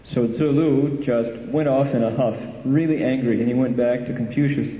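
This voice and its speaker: A man's voice: mid-range voice, steady tone, normal speed. Brief: male interpreter retelling a story, plain delivery, phone-thin reverberant hall. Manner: plain, with fillers. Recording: tinny echoey hall recording.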